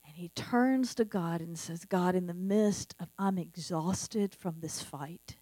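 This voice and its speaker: A woman's voice: fairly low pitch, takes it slowly, warm tone, dry recording. A middle-aged woman delivers a sermon in an earnest, conversational voice, leaning on repeated phrases. The sound is dry and close. A faint mains hum runs underneath. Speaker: pastor.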